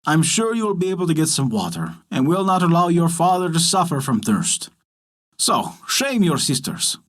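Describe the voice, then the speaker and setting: Man doing a gruff, weary peasant father. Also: a little high, big pitch swings, moderate pace. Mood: grudging.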